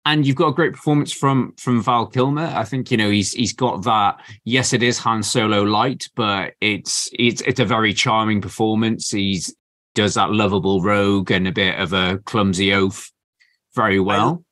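A man's voice: lowish voice, steady tone, normal speed, fairly bright tone. A man co-hosting a podcast, chatting casually about a film with hesitant, stop-start phrasing. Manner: hesitant, restarts often. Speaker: podcast co-host.

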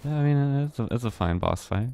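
Guy with a lowish voice streaming a horror game, talks to himself n reacts to everything. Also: expressive, fast talker, creaky, warm tone. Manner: chatty, reacts aloud to the game. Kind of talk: casual gameplay commentary.

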